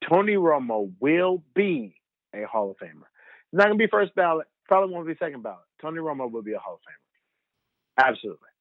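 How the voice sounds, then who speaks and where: Animated man on a tinny phone line. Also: fairly high pitch, a little fast, no echo. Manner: animated, rambling storyteller who laughs a lot. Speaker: guest. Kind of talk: phone interview storytelling.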